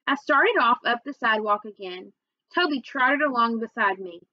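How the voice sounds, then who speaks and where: A woman reading a children's novel aloud, with expressive first-person storytelling. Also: on the high side, moderate pace, no room sound, highs cut off. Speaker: reader.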